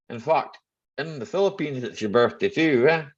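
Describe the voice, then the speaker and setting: A man's voice: mid-range voice, breathy edge. A middle-aged Scottish man hosting a casual live chat from home, greeting viewers by name and joking. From Scotland. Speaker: live stream host. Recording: slightly dull lo-fi live stream audio.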